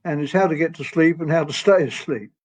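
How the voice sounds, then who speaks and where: A man in his eighties from England, telling stories as a guest in a gentle, rambling way and laughing often. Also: fairly high pitch, brisk. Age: 80s. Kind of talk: storytelling interview. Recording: dull lo-fi audio.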